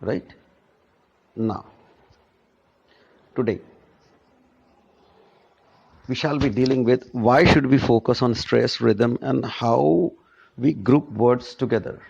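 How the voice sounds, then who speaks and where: A man teaching a spoken English lesson, speaking deliberately and often checking in with "right?". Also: medium pitch, vocal fry, a little mellow, slightly rough, highs cut off. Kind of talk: classroom lecture.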